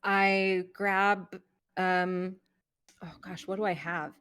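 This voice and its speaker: A woman playing a tabletop game, speaking hesitantly with frequent pauses and fillers. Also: on the low side, level tone, fairly bright tone, clean tone. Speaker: player.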